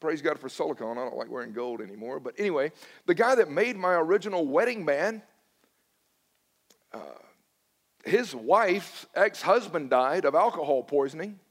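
A man's voice: a little high, lively intonation, normal speed. A middle-aged man preaching a sermon as a pastor, telling stories in a conversational, self-deprecating way and acting out his own past dialogue.

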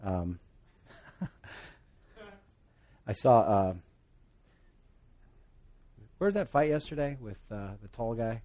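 A man from Hawaii with a Hawaiian accent, preaching a sermon with jokes and swings between loud and soft. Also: slow, long pauses. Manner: animated, joking asides, pitch and volume swing widely. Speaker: pastor.

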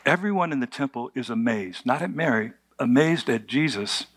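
A man's voice: mid-range voice, expressive, normal speed, a bit bright. Conversational male preacher. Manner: conversational, humorous, with rhetorical questions. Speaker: pastor. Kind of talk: sermon.

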